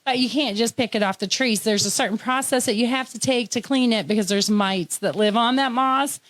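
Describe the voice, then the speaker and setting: A woman from Tennessee hosting a casual interview, chatty and quick to laugh. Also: a little high, fairly bright tone. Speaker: host.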